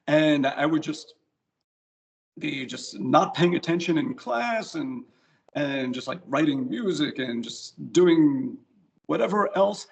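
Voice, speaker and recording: A man's voice: on the high side, animated, slow, gravelly. A middle-aged man with a New York accent, answering interview questions in a chatty, self-deprecating way. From United States. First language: English. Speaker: guitarist, interview guest.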